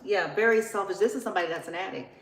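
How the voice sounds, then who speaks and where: A woman's voice: mid-range voice, very fast, echoey room, very noisy. A woman giving a casual tarot reading, blunt and profane, often laughing as she talks. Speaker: tarot reader.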